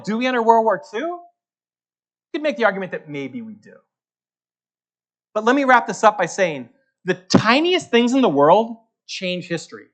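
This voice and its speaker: A guest market strategist gives a luncheon talk in a very high-pitched, somewhat bright male voice. He goes over his key points more than once and checks in with listeners by asking "okay?"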